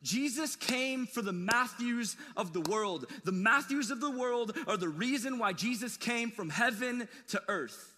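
A man preaching a sermon, telling stories in a casual, animated way with slangy asides. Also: very high voice, measured pace, hardly any pauses, big-room sound. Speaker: pastor.

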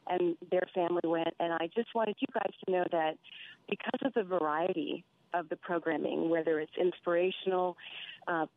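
An earnest woman calls in to a radio show, her lowish voice coming through a thin phone line. She speaks haltingly and often pauses to find words. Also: fairly even intonation. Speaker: caller. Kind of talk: phone-in testimony.

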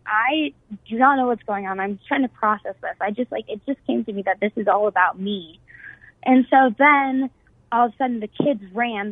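A woman's voice: fairly high pitch, dry recording, narrow, tinny audio. A young woman guest on a talk show, earnestly recounting a personal experience with frequent fillers and restarts. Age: young adult.

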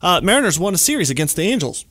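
A man's voice: sits high, very animated, very fast, bright, forceful tone, no echo. A man hosting a comedy news segment on the radio, joking and making sarcastic asides. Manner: jokey, playful, sarcastic asides. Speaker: radio show host.

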